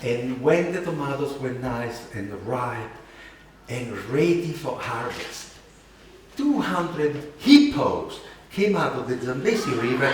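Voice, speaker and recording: Man, Italian accent, animated self-mocking storytelling, slow delivery, distant mic, very echoey hall. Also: fairly high pitch. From Italy. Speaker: keynote speaker. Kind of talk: storytelling talk.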